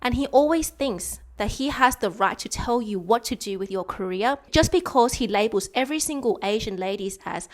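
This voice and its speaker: Young woman, Australian accent, candid vlog storytelling, frank and blunt, slightly high voice. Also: lively intonation, normal speed, few pauses. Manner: blunt, frank, mimics others in a higher voice when quoting. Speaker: vlogger. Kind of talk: candid personal storytelling to camera.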